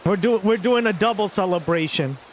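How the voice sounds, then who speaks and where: A man's voice: sits high, slight background noise. A man livestreaming, reacting to results and talking to his chat with lots of swearing. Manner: profane, drawn-out excited reactions to chat. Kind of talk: live stream reaction commentary.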